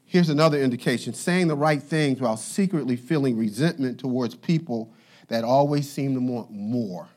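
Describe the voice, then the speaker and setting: A male pastor preaching a sermon in an animated, conversational way with playful asides. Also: medium pitch, moderate pace.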